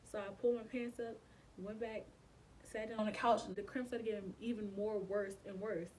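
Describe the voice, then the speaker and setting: A woman's voice: mid-range voice, steady tone, moderate pace, darkish tone, recorded from a distance, slight background noise, low-quality recording. A young woman, telling a painful personal story in a casual, emotional way, with frequent swearing and slang. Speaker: vlogger. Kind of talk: storytime vlog.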